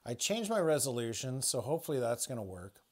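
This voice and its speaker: A man's voice: medium pitch, very animated, fairly quick, a little mellow. Man in a casual home livestream, mid-range voice, loose and rambling, swears a lot. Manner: rambling, swears freely, frequent restarts. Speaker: spiritual livestreamer.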